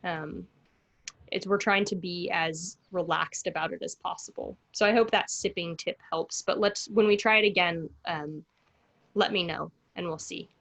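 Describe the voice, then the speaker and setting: A woman leading a virtual breathing workshop over a video call, giving calm instructions and counting breaths slowly. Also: on the low side, creaky, rough recording. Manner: calm, slow counting with pauses.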